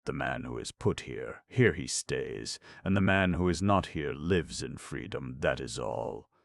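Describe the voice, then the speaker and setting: Brief: gentle, reasoning male doctor read by a man, very low and gravelly. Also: a little slow, no echo, clean studio sound, full character voice. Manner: calm, reasoning, apologetic. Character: mild, resigned middle-aged male doctor.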